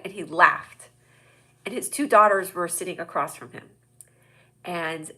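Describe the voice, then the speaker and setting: Chatty, bright-voiced woman host. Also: medium pitch, moderate pace. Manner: chatty, rambling, excitable. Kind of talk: casual live-stream storytelling.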